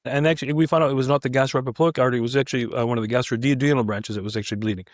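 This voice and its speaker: A middle-aged male physician, talking as an interview guest, telling his stories at a brisk pace. He is animated and often restarts his sentences. The sound is close and dry. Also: mid-range voice, no room sound. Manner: animated, many restarts and fillers. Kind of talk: casual anecdotal storytelling.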